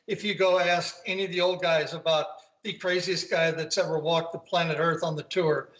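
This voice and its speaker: An older man tells rambling stories from home over a video call, his voice sitting high. The audio is roomy and dull, with an echo of the room around him. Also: fairly even intonation, moderate pace, a bit bright. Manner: rambling anecdotes, acts out quoted voices. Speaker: guest, golf commentator. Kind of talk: casual storytelling interview.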